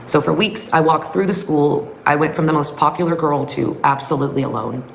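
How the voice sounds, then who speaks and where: Middle aged woman telling a sad personal story, deep gravelly voice, bit of hiss behind. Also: a little fast, low-quality recording. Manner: emotional, raw confessional retelling. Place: her bedroom at home.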